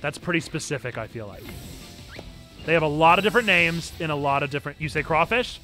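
A man's voice: fairly high pitch, expressive, quick pace, pushed and bright, soft background music. A man with a North Carolina accent, chatting playfully with his viewers while streaming a game. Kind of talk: casual gameplay stream chat.

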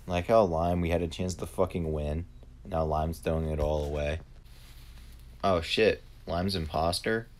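A man's voice: low-pitched, fairly even intonation, a little slow, slight background noise. A young man giving casual, profanity-heavy commentary while playing a game, often erupting in frustration. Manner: swears a lot, flares into shouted frustration. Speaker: gaming video host.

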